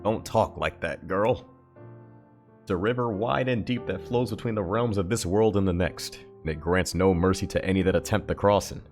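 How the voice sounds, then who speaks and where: Fierce old granny, rough-mouthed and blunt; a man plays her low-voiced, with faint music behind. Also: normal speed, lightly acted. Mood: stern tender. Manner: blunt, coarse rural speech. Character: gruff, foul-mouthed elderly grandmother, fiercely protective.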